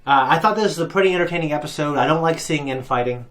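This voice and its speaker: A man giving a casual, rambling recap of a TV episode, with many pauses and restarts as a reaction video host. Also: on the high side, a bit bright.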